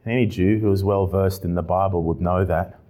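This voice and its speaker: A man pastor preaching an expository sermon with animated delivery and repeated emphatic phrases. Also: low voice, a little fast.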